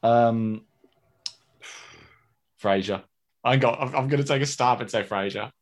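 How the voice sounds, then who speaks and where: A man's voice: mid-range voice, measured pace. A man co-hosting a casual podcast, chatty and hesitant, often laughing at himself. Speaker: podcast co-host.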